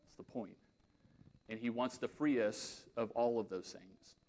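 A man preaching with real earnestness. His voice sits in an ordinary middle pitch, and he swings between loud, emphatic declarations and quiet, intense asides. The delivery is sermon-like, aimed at a congregation. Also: measured pace. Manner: leads a closing prayer.

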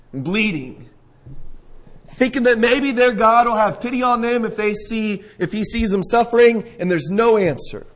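A man's voice: high voice, poor audio. A man preaching a sermon, retelling a scripture story vividly and asking his listeners questions. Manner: storytelling, asks listeners questions, acts out scenes. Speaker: pastor.

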